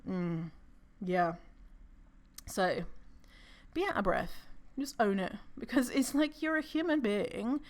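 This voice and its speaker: A woman hosting a casual solo podcast, chatty and animated, laughing often and swearing casually. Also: high voice, measured pace. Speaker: podcast host.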